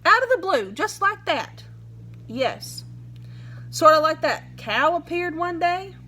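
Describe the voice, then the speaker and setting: A woman's voice: very high-pitched, big pitch swings, slow pace, sharp tone, voice pushed up, full character voice. A woman reading aloud as a suspicious, blunt small-town sheriff who fires accusing questions. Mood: skeptical. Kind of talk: storybook read-aloud.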